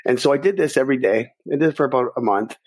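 Man, middle-aged, husky voice, animated storyteller, podcast guest, acts out his own thoughts. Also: medium pitch, very fast. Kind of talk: personal storytelling in a podcast interview.

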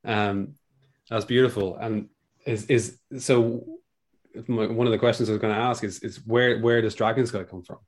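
A man's voice: on the low side, fairly even intonation, moderate pace. A man hosting a hiking podcast, chatting casually and enthusiastically, often repeating words as he thinks. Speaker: podcast host. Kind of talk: casual interview chat.

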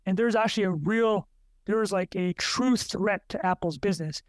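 Podcast host, male, high pitch, rambling off notes, dead-dry close sound. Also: normal speed, no room sound. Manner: rambling, self-interrupting, frequent uh fillers. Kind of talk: casual solo podcast talk.

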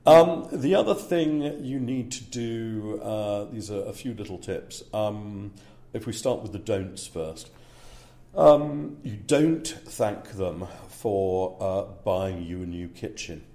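A man talking casually in an interview about his work as a speaker agent. His voice is low and mellow. He hesitates with fillers and checks in with the listener with a frequent "yeah?". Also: expressive, slow pace.

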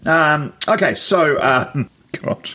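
A man's voice: on the high side, takes it slowly, bright, forceful tone. A man with a New Zealand accent, co-hosting a casual podcast chat. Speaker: podcast co-host.

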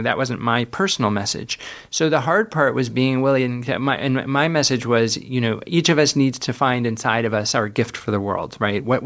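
A man's voice: medium pitch, a bit bright. A man, a guest author, reflecting on his experiences in an earnest conversational way, often restarting sentences and laughing as he tells stories.

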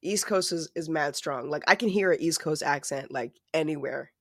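Podcast co-host, casual chat, animated and profane, joking, middle pitch, dry close sound. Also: normal speed, no room sound. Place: lives in New York City.

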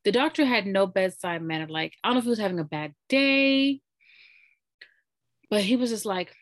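A woman's voice: medium pitch, animated, moderate pace. A woman in a casual chat, telling a heartfelt personal story in a rambling way with lots of "like".

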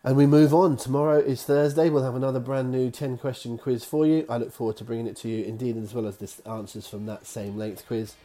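A man's voice: medium pitch, fairly even intonation, a little fast, hardly any pauses, mellow. A man hosting a quiz from his own office, reading each question twice with chatty asides. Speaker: quiz host.

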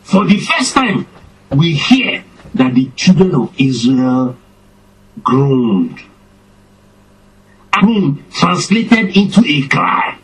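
A man preaching a sermon, slow and emphatic, his voice swinging up and down for effect. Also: a little high, big pitch swings, husky, poor audio.

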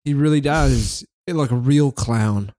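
A man co-hosting a comedy chat, telling crude stories with deadpan ribbing. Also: mid-range voice, takes it slowly, no echo. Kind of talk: casual comedic banter.

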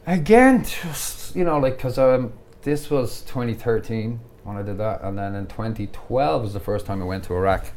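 A man, a podcast guest telling travel stories in a casual, animated way and laughing often. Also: mid-range voice, normal speed, hardly any pauses. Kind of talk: casual storytelling.

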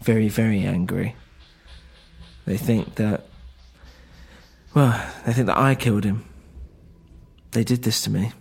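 A blunt young woman with a thick Eastern European accent, put on by a man reading a story. She speaks curtly and plainly, in a lowish voice. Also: steady tone, measured pace, vocal fry, long pauses, a little mellow, breathy edge, heavily acted. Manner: curt, matter-of-fact.

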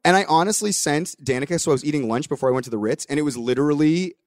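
A man's voice: on the high side, racing, no echo, clean studio sound. A young adult man hosting a podcast, telling a story in casual chat with voiced quotes and the odd swear. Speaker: podcast host.

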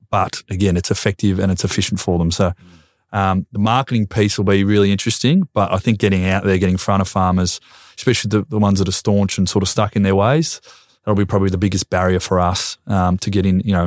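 Low-pitched and level, the Australian man talks quickly in a clean studio recording with no room sound. He's in his thirties, a former footballer on a podcast as a guest, having a casual conversation. Earnest and reflective, he tends to repeat words as he thinks things through.

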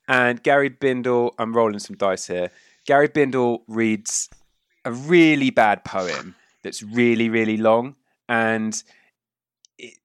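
A man narrating a tabletop game as game master, animated and laughing often. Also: mid-range voice, smooth, no echo, studio quality.

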